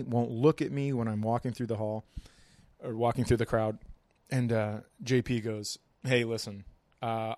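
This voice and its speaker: A man's voice: mid-range voice, a little mellow, no room sound. A man, a stand-up comedian, telling a long anecdote on a podcast in a laid-back, dry manner while acting out the people in it. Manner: laid-back, dry storyteller who acts out voices in anecdotes. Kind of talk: casual comedy podcast storytelling.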